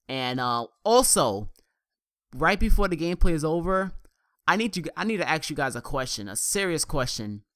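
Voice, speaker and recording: A man's voice: on the high side, sing-song, fairly quick, pushed and bright, no room sound, studio quality. A young man around twenty with a New York accent, chatting casually and rambling loosely over live gameplay on his gaming channel.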